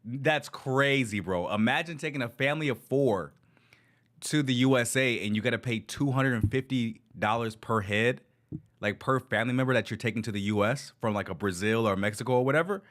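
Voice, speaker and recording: A man's voice: medium pitch, a little fast, fairly bright tone. A man hosting casual reaction commentary on travel news, slangy and loose, calling everyone bro. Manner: slangy, says bro a lot. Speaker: travel news streamer host. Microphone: desk microphone.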